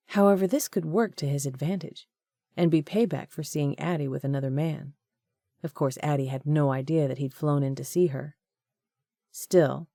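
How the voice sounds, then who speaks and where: A woman narrating an audiobook in a measured, even manner. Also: low-pitched, dry recording, studio quality.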